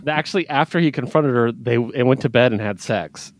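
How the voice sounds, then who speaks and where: Brief: male podcast co-host, mid-pitched, animated and profane comics recap, dry close mic. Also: a little fast, dry recording. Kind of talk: casual comic book review chat.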